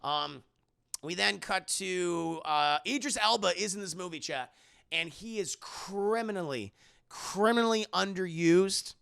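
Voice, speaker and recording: A young man reviews a film for his live chat in a loose, rambling way and swears freely. His voice sits a little high and sounds bright and edgy. It has a strong gravelly fry. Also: unhurried. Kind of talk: casual spoken film review.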